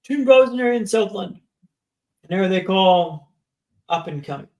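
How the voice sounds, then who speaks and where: This thirties-aged podcast guest has a high, animated, slightly mellow voice and a brisk delivery. Recorded in an echoey room, he tells his story dramatically and keeps asking "right?"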